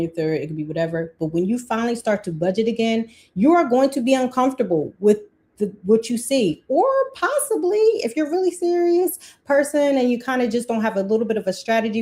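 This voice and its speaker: A woman, hosting a casual live-stream budgeting talk, chatty and quick to laugh, breaking off her own sentences. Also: mid-range voice, a little mellow. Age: 40s. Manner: chatty, laughs often, self-interrupting. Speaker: livestream host.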